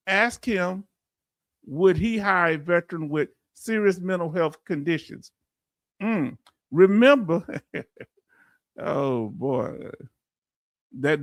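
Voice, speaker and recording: Animated man, dry close sound. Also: a little high, no room sound. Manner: animated, talks back at clips, laughs often. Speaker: veterans benefits commentator. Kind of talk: casual commentary video.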